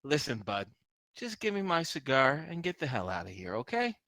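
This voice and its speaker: A man's voice: a little high, sing-song, unhurried, sharp tone, no room sound, exaggerated voice. A man voicing a crude, taunting bar bully who chews on a cigar and sneers at strangers. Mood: sneering.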